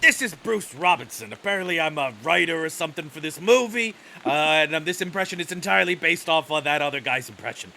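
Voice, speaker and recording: A man doing a comedic impression of a gruff English male screenwriter, talking slowly and drawling. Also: fairly high pitch, lively intonation, pushed and bright, a little hiss or hum, exaggerated voice. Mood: mock-gruff.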